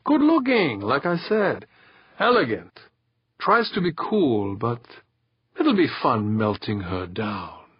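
A man voicing a smug, leering spaceship captain with a smooth, falsely friendly manner, in a dull, dry lo-fi recording. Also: mid-range voice, very animated, slow, no room sound, voice pushed up, exaggerated voice.

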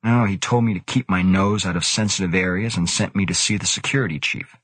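A man's voice: deep voice, fairly quick, fairly bright tone, no echo. A man voicing a curious young male newcomer asking questions. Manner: curious, eager.

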